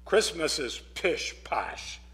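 Gruff lonely woodcarver, curt and dismissive, barking loud, read by a man. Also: fairly high pitch, big pitch swings, takes it slowly, heavily acted.

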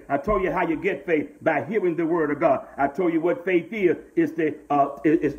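A man's voice: a little high, muffled recording. A middle-aged man, a pastor preaching a sermon and calling out to members of his congregation. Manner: preaching with call-outs to congregants and repeated "glory to God".

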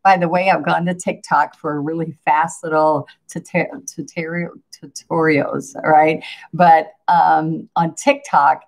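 Chatty older woman with a low gravelly voice. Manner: chatty, greets viewers, laughs often. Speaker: painting instructor hosting a livestream. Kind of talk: casual live painting lesson.

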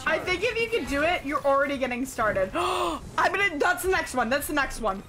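A young woman streaming a game live, bubbly and giggly, chatting to viewers and now and then bursting into excited shouts. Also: sits high, normal speed, hardly any pauses, crowd noise. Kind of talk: live gaming stream chat. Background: game music.

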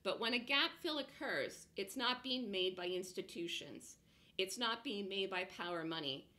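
A woman coaching day traders over a chart walkthrough, blunt and emphatic, punctuating her points with "boom". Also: expressive, normal speed, bright, forceful tone. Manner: emphatic, punchy with "boom" interjections; blunt, self-assured. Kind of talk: screen-share trading lesson.

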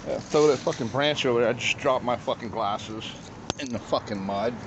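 A man's voice: medium pitch, moderate pace. A man vlogging outdoors with a handheld phone, swearing a lot and boasting in a slangy, casual way. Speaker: vlogger showing storm damage at home. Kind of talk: casual profane vlog. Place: outdoors at a house yard and street. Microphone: handheld phone camera. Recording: lo-fi phone audio with outdoor noise.

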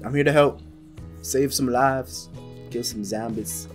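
A young man casually commenting while playing a game, excitable and swearing, yelling at sudden scares. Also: medium pitch, a little slow, soft background music. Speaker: gaming YouTuber.

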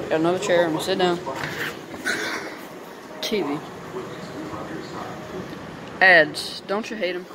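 A young man with a light Southern US accent, rambling through a casual home vlog on a handheld camera, full of "like" fillers. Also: sits high. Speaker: vlogger. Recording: noisy home video.

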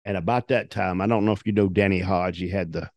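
A man's voice: sits low, steady tone, fast talker. An older man, a retired wrestler telling profane stories as an interview guest, acting out the quotes. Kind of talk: storytelling in a shoot interview.

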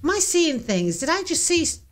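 Jumpy high-voiced woman reacting. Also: big pitch swings, normal speed, faint music behind. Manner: jumpy, swearing, exclaiming. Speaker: reaction video host. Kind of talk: reacting to a ghost-hunting video.

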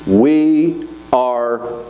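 A man preaching a sermon in a church, folksy and animated, asking the congregation to answer back. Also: mid-range voice, very slow, dull audio, background noise. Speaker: pastor. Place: church sanctuary.

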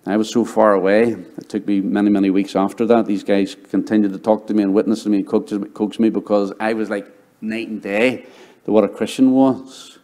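A middle-aged male pastor preaching a sermon and telling his conversion story, dropping to a hushed voice when he quotes people. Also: on the low side, little pitch movement, a little fast. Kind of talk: sermon with personal testimony.

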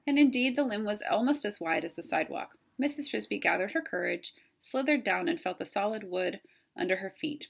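A woman, a teacher, reading a chapter book aloud in a plain, steady way. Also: lowish voice, brisk, vocal fry, slightly rough. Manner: plain, steady reading with some self-corrections.

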